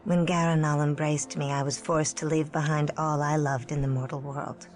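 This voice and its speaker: A woman's voice: sits low, little pitch movement, moderate pace, faint music behind, lightly acted. A woman voicing a sorrowful courtly vampire lady. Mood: gentle sorrow. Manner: formal archaic speech, gentle and consoling. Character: sorrowful, courtly female vampire, young-seeming. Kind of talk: game dialogue.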